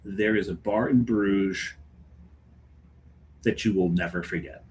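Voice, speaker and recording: A man's voice: low voice, slow, a little mellow, slight background noise, poor audio. A man co-hosting a beer podcast in casual chat, rambling and trailing off mid-sentence. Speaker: podcast co-host.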